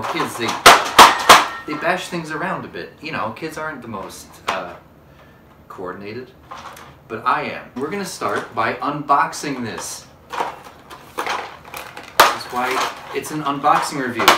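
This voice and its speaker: A man's voice: medium pitch, background noise. A man hosting a comedy unboxing review, talking in mock-earnest, overexcited salesman patter. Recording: roomy echo, mic at a distance.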